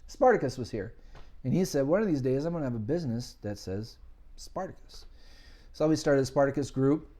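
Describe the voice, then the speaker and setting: Man telling a lively shop story. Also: medium pitch, brisk. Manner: animated storyteller, acts out quoted voices. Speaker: podcast guest, business owner. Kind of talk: casual storytelling chat.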